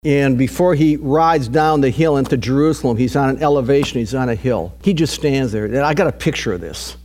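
A man preaching a sermon in a folksy, conversational way, swinging between loud emphatic peaks and low, hushed intensity. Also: fairly quick. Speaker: pastor.

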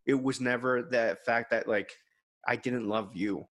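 A man's voice: medium pitch, steady tone, measured pace, fairly bright tone. A man co-hosting a podcast, candidly telling a personal story in casual chat and quoting others in his own voice. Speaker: podcast co-host.

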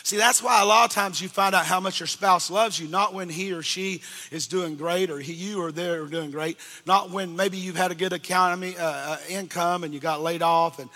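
A man preaches from the pulpit in a high, piercing, very bright voice. He throws questions to the congregation and climbs into shouted emphasis. The sound rings with the long reverb of a church sanctuary. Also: fairly even intonation, normal speed, few pauses. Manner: call-and-response preaching, rising to shouts. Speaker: pastor. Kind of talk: sermon.

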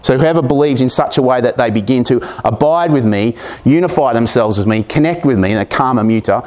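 Man, preacher, sermon, scripture reading, chatty asides, medium pitch. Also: fairly quick, a little mellow. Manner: conversational and humorous, breaking into readings with asides.

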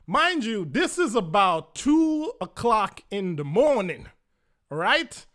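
A young Jamaican man telling a wild story in a casual, profane, animated way. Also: sits high, takes it slowly. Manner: animated, profane, acts out his own panicked lines.

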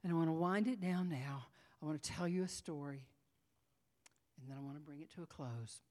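This conference speaker has a low, slightly mellow voice and a brisk pace. Telling a story as part of her sermon, she's dramatic and close to tears, sinking into whispers before rising to cries.

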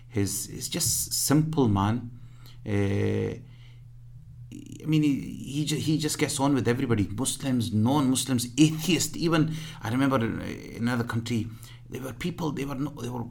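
Husky, gravelly-voiced man telling stories. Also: medium pitch, a little mellow. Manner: earnest, halting with many restarts. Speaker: charity fundraiser, guest. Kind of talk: casual interview storytelling.

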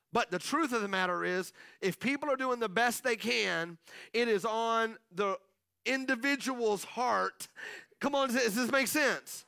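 A man's voice: high-pitched, pushed and bright, dry recording, clean studio sound. A middle-aged man preaching a sermon as the pastor, chatting with the congregation and calling out to them for answers. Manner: conversational preaching with audience call-outs.

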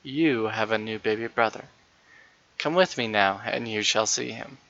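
A brisk, firm children's nurse, played by a man reading aloud, a little louder and bright. The recording is dry and dull, like lo-fi audio. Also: on the low side.

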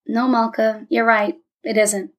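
Woman voicing a tired, gentle immigrant dad. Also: on the high side, flat delivery, unhurried, natural voice. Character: weary, gentle middle-aged immigrant father.

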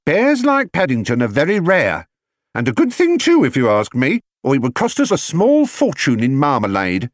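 A man voicing a fussy elderly woman housekeeper in an audiobook reading, with a brisk, tart way of talking. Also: a little high, wildly swooping pitch, no room sound, clean studio sound, voice pushed up.

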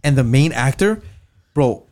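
A man's voice: medium pitch, expressive, a little slow, a little mellow. A man, co-hosting a casual podcast chat, rambling and swearing, often repeating and restarting his words. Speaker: podcast co-host.

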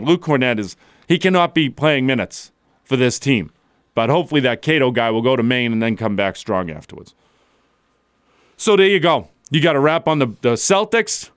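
In a radio studio, a man hosts a sports talk show, chuckling his way through a blunt, opinionated monologue. His mid-range voice is expressive and fairly bright at a normal speed, captured in a dry, studio-quality recording.

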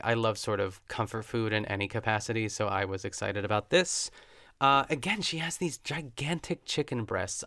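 A man's voice: mid-range voice, gravelly, fairly bright tone, smooth, dry recording, clean studio sound. A man hosting his own podcast, chatting casually and gushing with self-deprecating asides. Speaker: podcast host. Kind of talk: casual solo podcast recap.

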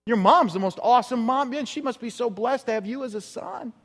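A man voicing a gushing, adoring woman in a crowd, heaping breathless, high-pitched praise, in a reverberant church hall. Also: brisk, a bit bright, heavily acted.

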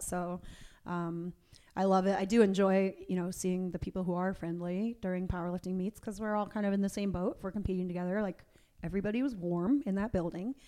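Woman podcast host, mellow voice, chatty and animated, tells stories and does everyone's lines. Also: fairly low pitch. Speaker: powerlifting coach and competitor. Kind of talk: casual interview chat.

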